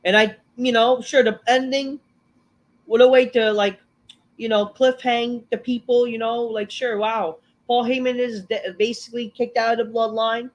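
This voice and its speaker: A man's voice: very high-pitched, steady tone, moderate pace. Rambling, profane man reviewing a show. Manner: rambling, profane, full of fillers and restarts. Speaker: show host. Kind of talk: casual wrestling show review.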